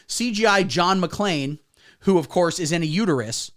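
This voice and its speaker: Hosting a comedy livestream, a man delivers a satirical monologue as a mock pundit, slipping in deadpan asides. His voice is high-pitched and his pace moderate.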